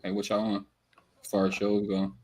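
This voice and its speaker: A man from New Jersey chatting casually on a podcast, relaxed and slangy, often chuckling. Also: fairly low pitch, moderate pace.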